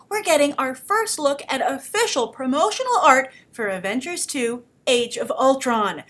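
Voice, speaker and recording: A woman's voice: sits high, fairly bright tone. A woman hosting a movie news show, giving chatty, enthusiastic fan opinions. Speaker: host.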